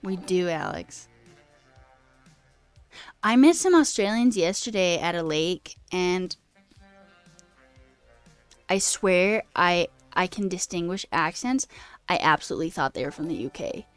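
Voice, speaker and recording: A woman streaming as a coding host, chatting casually and rambling with self-deprecating asides while her pitch jumps up mid-sentence. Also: animated, measured pace, pauses often, clear, resonant tone, no echo, soft background music. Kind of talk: casual live-stream chat.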